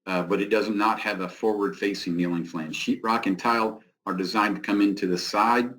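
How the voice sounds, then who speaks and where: A man's voice: on the low side, fairly even intonation, normal speed, a bit bright, poor audio. A man giving a technical building-code presentation and answering questions, with many fillers. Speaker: product representative presenting.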